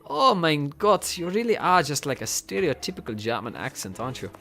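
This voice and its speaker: A woman with an unusually deep voice that still rises and falls a lot. She is tipsy and rambles through a game stream, cursing casually as she talks to herself. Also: big pitch swings, brisk, fairly bright tone, faint music behind. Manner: tipsy, swearing, talking to herself. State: drunk.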